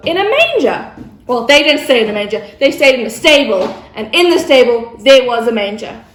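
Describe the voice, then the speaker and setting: A woman telling a story to children in a playful style, with chatty asides. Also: high voice. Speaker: children's church presenter. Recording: roomy echo.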